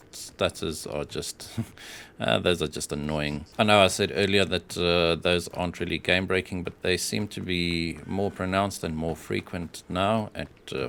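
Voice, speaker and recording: Low-voiced guy with a bit of fry, talking over gameplay, lots of uhs, matter-of-fact. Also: a bit bright. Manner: hesitant, frequent filler sounds, plain matter-of-fact delivery. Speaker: hardware benchmark commentator. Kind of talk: casual gameplay voice-over commentary.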